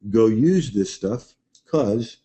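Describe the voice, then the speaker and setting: A man's voice: lowish voice, lively intonation, slow pace, dark tone. A man hosting a live webinar, chatting loosely and answering viewers' questions by name. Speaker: webinar host.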